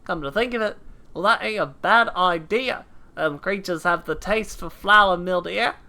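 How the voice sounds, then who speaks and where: A woman voicing a gruff, cocky male mercenary from a game, in a put-on British accent that slides into Australian, rough and swaggering. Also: lowish voice, normal speed, sharp tone. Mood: boastful. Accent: put-on British slipping into Australian. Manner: rough, swaggering, clipped drops like "oi" and "ain't". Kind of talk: reading game dialogue aloud.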